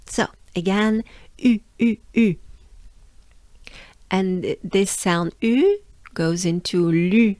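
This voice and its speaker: French woman, tired voice, slow unhurried pace, gravelly, dry close sound, pronunciation coach. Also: lowish voice, a little mellow, no echo. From France. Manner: patient, drills sounds slowly with repetitions. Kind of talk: pronunciation lesson.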